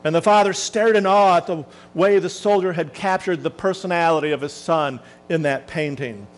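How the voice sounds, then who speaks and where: A man preaching a sermon as a minister, telling a story dramatically and slowing down for emphasis. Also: fairly high pitch, rough recording.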